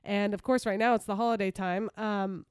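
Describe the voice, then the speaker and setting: A woman's voice: mid-range voice, steady tone, moderate pace, smooth, no room sound, studio quality. A woman co-hosting a podcast in casual chat, rambling and full of fillers. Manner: chatty, rambling, filler-heavy. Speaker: podcast co-host.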